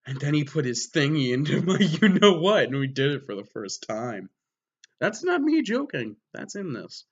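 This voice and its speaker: A man giving a mock-dramatic reading of a story, breaking off for wry, deadpan sarcastic asides. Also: a little high, moderate pace, highs cut off. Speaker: comedic reader.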